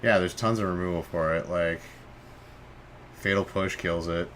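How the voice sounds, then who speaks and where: A young man streaming casual game commentary from home, talking loosely with lots of fillers, easily excited and swearing. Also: low-pitched, moderate pace, long pauses, a little hiss or hum. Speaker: stream host.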